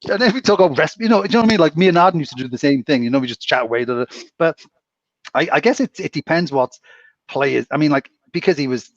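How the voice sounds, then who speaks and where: A man, a casino dealer, rambling through anecdotes and often clearing his throat. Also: on the high side, expressive, fast, dry recording, highs cut off. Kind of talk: casual chat.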